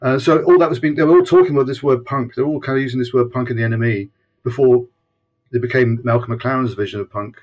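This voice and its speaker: A Scottish man in his sixties, once a punk fanzine editor, joins a video-call interview as a guest. His mid-range voice is steady and fast, the audio dull, and he rambles casually with frequent restarts.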